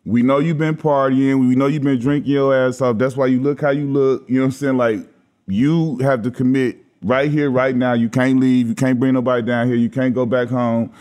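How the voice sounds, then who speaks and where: A man's voice: mid-range voice, a little fast. A man from Los Angeles, a podcast guest, telling casual stories and acting out the voices of the people in them with a lot of laughter. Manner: animated storyteller who acts out quoted voices, laughing often. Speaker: podcast guest, former basketball player. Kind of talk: casual storytelling chat.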